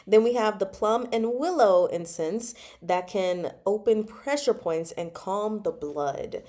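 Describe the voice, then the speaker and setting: A woman's voice: medium pitch, slow pace, warm tone. A woman chatting casually about a novel she is reading, digressing often and laughing between remarks. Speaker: book club host.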